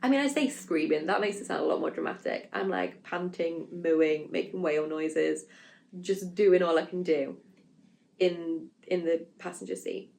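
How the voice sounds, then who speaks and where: A woman's voice: fairly low pitch, moderate pace, gravelly, darkish tone. A young woman vlogger telling her own story frankly and casually, full of fillers and asides, acting out her own panicked quotes. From England. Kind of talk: candid storytelling vlog.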